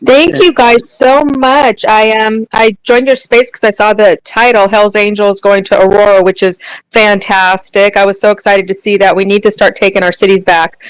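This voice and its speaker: A woman's voice: medium pitch, smooth, no echo, low-quality recording. A woman speaking as a guest in a live audio chat, earnest and indignant, with frequent fillers. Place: remote live audio room.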